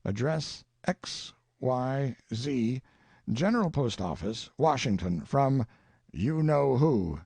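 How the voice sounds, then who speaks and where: A man's voice: mid-range voice, very animated, takes it slowly, a little mellow, slightly rough, no room sound, voice pushed up, heavily acted. A man playing a grandiose old scheming colonel. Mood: plotting. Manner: flowery, pleading, theatrical.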